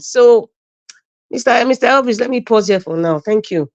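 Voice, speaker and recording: A woman's voice: fairly high pitch, moderate pace. A woman giving emphatic political commentary as a panel guest on a live stream. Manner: emphatic, animated, mimics others mid-speech.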